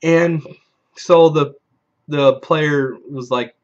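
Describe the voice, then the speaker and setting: A video host with a fairly high, slow voice rambles through a profane tabletop game story, acting out the players he quotes. The recording sounds dull and lo-fi.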